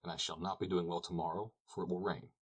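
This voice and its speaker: Man doing a dry blunt shepherd, low husky voice, storybook. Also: level tone, fast. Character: blunt village shepherd, plain-spoken and weather-wise.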